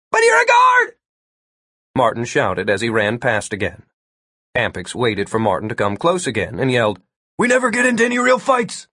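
A man narrating an audiobook in a lively, expressive storytelling manner. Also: mid-range voice, no room sound, clean studio sound. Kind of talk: scripted narration.

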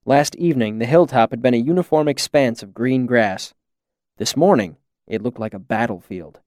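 A man reads a first-person novel aloud in a calm, measured way. His voice sits at a middle pitch and is recorded dry and close, with no room sound at all. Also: no echo. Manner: measured, even storytelling. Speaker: audiobook narrator. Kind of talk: scripted narration.

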